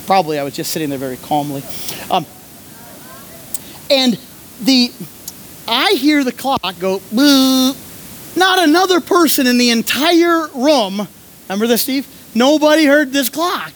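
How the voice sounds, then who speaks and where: Animated storytelling preacher man. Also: very high voice, moderate pace, pauses often. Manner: animated storyteller, bursts into shouts when acting out scenes. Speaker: pastor and coach. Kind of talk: sermon with storytelling.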